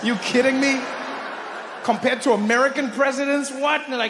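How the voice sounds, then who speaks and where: Animated high-voiced comedian man. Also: moderate pace. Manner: animated, incredulous, mock-indignant. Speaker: stand-up comedian. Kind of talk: stand-up comedy. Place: live comedy stage. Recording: echoey hall with background noise.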